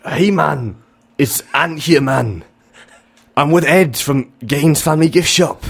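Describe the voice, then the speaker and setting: A man's voice: a little high, slow pace, creaky, husky, pitched above the performer's own voice, full character voice. A young man in his twenties doing an impression of a cheery, chummy male TV presenter in a raised voice. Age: 20s. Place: radio studio.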